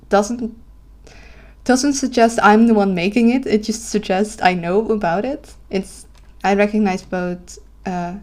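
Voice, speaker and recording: A woman's voice: medium pitch, steady tone, unhurried, a little mellow. A young Dutch woman with a Dutch accent, streaming live. She sounds tired, giggles often, and keeps correcting herself and apologizing as she chats casually. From Netherlands.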